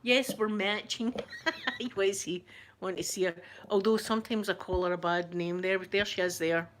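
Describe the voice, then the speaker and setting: With a steady tone at medium pitch and normal speed, a woman from Scotland chats and rambles to her ASMR channel audience during a live stream, laughing often. Slight background noise is present.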